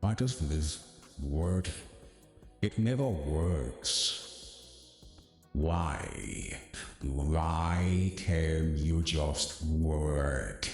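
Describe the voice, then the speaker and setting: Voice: very deep voice, extremely slow, long pauses, a little mellow, roomy sound, soft background music. A man in casual streaming chatter, annoyed at a program that will not work.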